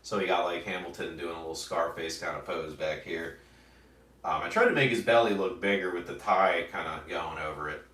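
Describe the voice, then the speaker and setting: Talking fast and steady, this man has a low-pitched, slightly bright voice as he casually discusses his own comic artwork. He wanders into rambling asides and uses lots of fillers, and the sound is roomy and distant.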